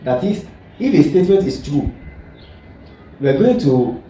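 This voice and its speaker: A man's voice: on the high side, big pitch swings, unhurried, dark tone, slight background noise. A man teaching a logic lesson, repeating himself and often checking whether the students follow. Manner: repetitive, keeps checking understanding. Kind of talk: classroom lesson explaining logic. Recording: echoey room, mic at a distance, faint ambience.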